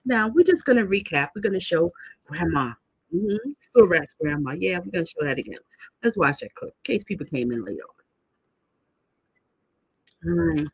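Husky-voiced woman hosting a live stream. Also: lowish voice, big pitch swings, normal speed, long pauses, dry recording. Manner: indignant, lecturing, talks straight to viewers. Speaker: host of a live commentary stream. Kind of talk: casual live commentary, reading viewer comments.

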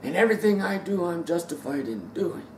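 A man preaching a sermon dramatically, swinging between loud outbursts and quiet asides and acting out biblical characters. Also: high-pitched, big pitch swings, a little fast, background noise. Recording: roomy echo, distant mic.

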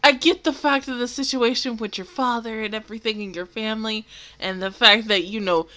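A young woman giving casual, excitable reaction commentary, swearing freely and laughing often. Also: fairly high pitch, brisk. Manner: excitable, profane, laughs often, loud exclamations. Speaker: anime reaction video host.

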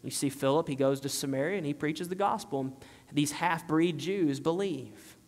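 A man's voice: fairly high pitch, normal speed, darkish tone, in a large hall. A man preaching an expository sermon as pastor, explaining plainly and repeating phrases for emphasis.

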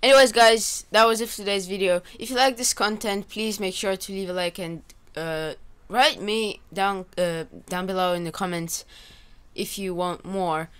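A woman's voice: mid-range voice, steady tone, normal speed, smooth. A young woman, commentating a game and swearing at a friend. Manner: frustrated, swearing, yelling at a friend. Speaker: gaming YouTuber. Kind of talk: casual gameplay commentary.

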